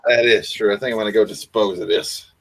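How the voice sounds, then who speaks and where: A man's voice: fairly low pitch, steady tone, quick pace, creaky, fairly bright tone, slight background noise. A man, chatting as a guest on a video call in an easygoing, folksy, joking way. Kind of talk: casual chat.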